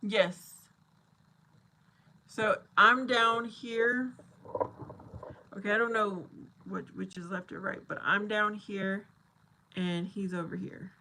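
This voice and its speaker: Slow-talking bright-voiced woman chatting. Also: medium pitch, steady tone, a little hiss or hum. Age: 40s. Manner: chatty, laughs often, thinks aloud. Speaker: livestream host reading viewer comments. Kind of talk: casual live chat.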